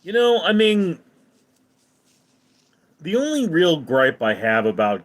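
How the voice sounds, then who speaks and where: A man's voice: fairly high pitch, slow, long pauses. A man hosting a casual live stream, reading viewer comments aloud and answering them offhandedly. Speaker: livestream host.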